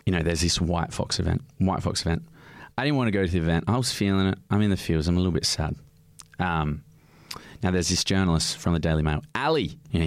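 Male podcast host, lower voice, chatty gossiping storyteller, dry studio sound. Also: dry recording. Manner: chatty, animated storytelling with sudden high jumps. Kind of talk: casual podcast monologue.

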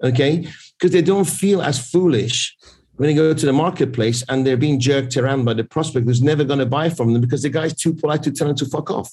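A man's voice: fairly high pitch, fairly quick, darkish tone, husky, low-quality recording. A middle-aged man, a sales coach interviewed as a guest, speaking bluntly and emphatically and repeating his key points. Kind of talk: casual interview talk.

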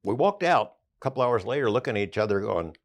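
A man's voice: on the low side, very animated, quick pace. An older man, an investigative journalist, recounting past events conversationally in a podcast interview.

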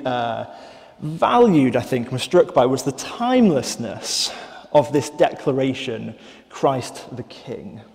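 A man preaching a sermon in a church, thoughtful and measured, with some fillers and restarts. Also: medium pitch, gravelly, darkish tone, in a large hall.

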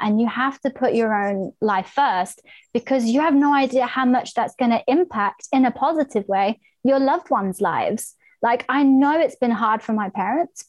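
A woman's voice: on the high side, darkish tone, dry recording. A young woman, talking earnestly and reflectively as a podcast guest. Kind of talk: casual interview talk.

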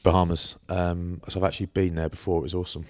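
A British man telling lively laddish stories in a casual podcast chat. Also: deep voice, fast, dry recording, clean studio sound. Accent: British English. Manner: laddish banter, lively anecdotes with acted quotes. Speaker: podcast co-host.

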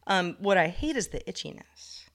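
A woman's voice: mid-range voice, normal speed. A woman co-hosting a casual podcast chat, telling stories and acting out the lines she quotes. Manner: animated storyteller, acts out quotes. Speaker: podcast co-host.

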